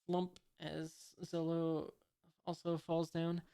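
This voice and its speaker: A woman reading a comic aloud in a casual way. She pauses often on filler sounds, reads out the sound effects and describes each panel. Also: deep voice, monotone, dark tone, clear, resonant tone. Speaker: reader of a comic. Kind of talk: casual comic read-along.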